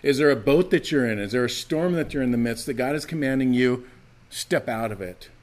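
A man preaching a sermon to his church, animated and emphatic, acting out the scripture's voices as he teaches. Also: mid-range voice, fairly quick. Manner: animated, acts out quoted lines, rising to emphatic calls. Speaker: pastor.

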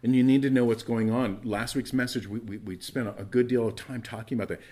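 Speaking at medium pitch and a little fast, this pastor keeps his intonation fairly even. His sermon is earnest and chatty, marked by false starts and swings from loud stress to hushed side remarks.

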